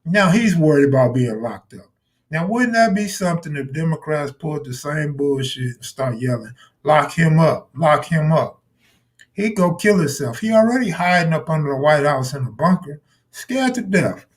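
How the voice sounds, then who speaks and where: Expressive and on the high side, this man's voice moves at normal speed as he riffs on a live stream. He's crude and direct, firing back at people in his chat.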